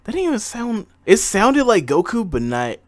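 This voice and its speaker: A man's voice: high-pitched, huge pitch swings, moderate pace, no room sound. A young man hosting a casual reaction commentary, rambling and laid-back, tossing in "bro" as he talks. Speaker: host.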